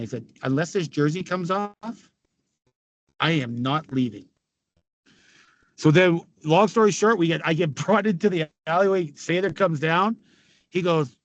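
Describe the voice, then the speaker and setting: Man, 50s, Canadian accent, former hockey player, casual storytelling, swears, laughs, acts out quotes, fairly high voice. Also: dull audio. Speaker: podcast guest, former pro hockey player.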